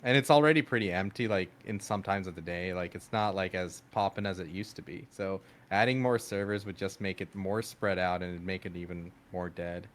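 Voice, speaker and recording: A man with a fairly low voice co-hosts a casual podcast, speaking frankly and at ease. He often opens with "I mean" and laughs readily between points. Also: normal speed, hardly any pauses. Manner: relaxed, frank, laughs easily, leans on "I mean". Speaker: podcast co-host. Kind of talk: casual gaming podcast chat.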